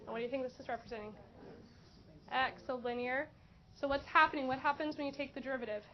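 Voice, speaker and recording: Woman math teacher in class, bright high voice, muffled recording. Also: fairly even intonation, fast. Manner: questioning, encouraging students. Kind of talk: classroom lesson. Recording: dull lo-fi classroom recording with faint noise.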